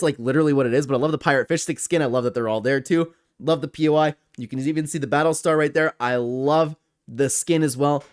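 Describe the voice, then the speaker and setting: A man's voice: medium pitch, no echo, clean studio sound. A young man giving casual, enthusiastic commentary as he ranks video game screens and talks straight to his viewers. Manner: enthusiastic, chatty, addresses viewers as guys. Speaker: gaming commentator. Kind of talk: casual tier-list commentary.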